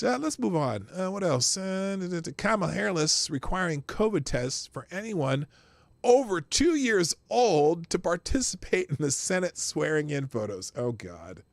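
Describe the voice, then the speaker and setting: A male host with a somewhat high, gravelly voice reads news pieces aloud and breaks in with sarcastic commentary. His pitch swings widely as he talks, and he trips over words and laughs it off. The sound is dry and close. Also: animated, a little slow, dry recording. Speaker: podcast host.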